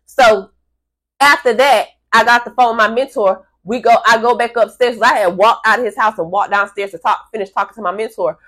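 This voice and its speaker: Animated, swearing woman telling a story. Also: fairly high pitch, a little fast. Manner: animated, profane, acts out the people in her story. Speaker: vlogger telling a story to camera. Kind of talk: casual storytime monologue.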